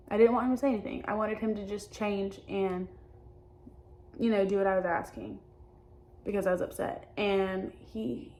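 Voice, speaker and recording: A young adult woman talking openly in a personal vlog, halting and hesitant, often restarting her sentences. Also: medium pitch, warm tone. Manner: earnest and open. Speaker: vlogger.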